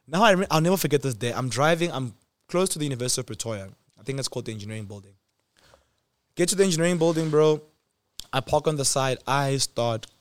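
A man's voice: on the high side, fast, clean tone, no echo. A young man telling a personal story in casual talk, laughing often and acting out the people in it. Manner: animated, laughs often, acts out doctors' lines. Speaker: host.

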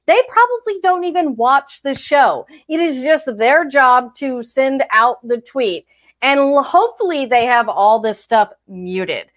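A woman's voice: high voice, animated, a little slow. A woman co-hosting a fan podcast, delivering a heated, sarcastic, profane rant. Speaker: podcast co-host. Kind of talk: ranting fan podcast chat.

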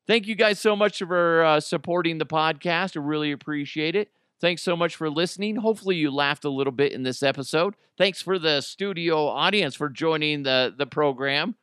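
A man's voice: fairly high pitch, normal speed, few pauses, fairly bright tone, clear, resonant tone, no echo, clean studio sound. A man hosting his own podcast in a casual solo style, reading news items aloud and joking about them. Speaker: podcast host.

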